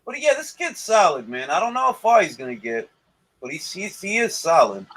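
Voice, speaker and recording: A man co-hosting a casual boxing talk livestream, animated and repeating himself for emphasis. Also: high voice, moderate pace, slight background noise. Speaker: boxing show co-host.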